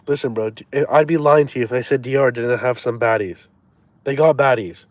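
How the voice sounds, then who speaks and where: A man's voice: mid-range voice, moderate pace, no room sound. A man in his twenties chatting casually on a live stream in loose, crude, slang-heavy banter. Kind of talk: casual chat.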